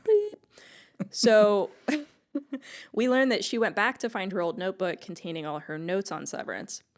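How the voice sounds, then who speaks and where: A woman's voice: mid-range voice, moderate pace. A woman co-hosting a casual podcast, recapping plot in an upbeat way and laughing often. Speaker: podcast co-host.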